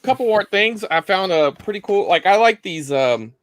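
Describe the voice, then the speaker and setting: A man's voice: sits high, expressive, normal speed, a bit bright, no room sound. A man co-hosting a live online collecting chat, talking casually and rambling with lots of fillers over a video call. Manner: rambling, loose, many fillers.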